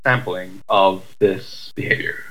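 A man's voice: low-pitched, steady tone, slow pace, crowd noise, poor audio. A man hosting a casual podcast chat, teasing and wry.

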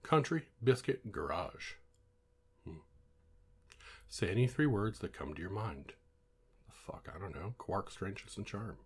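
A man's voice: fairly low pitch, big pitch swings, measured pace, pauses often, slightly rough. An American man doing a casual accent word-list challenge, profane and sardonic. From United States. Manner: profane, sardonic, swears constantly. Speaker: vlogger.

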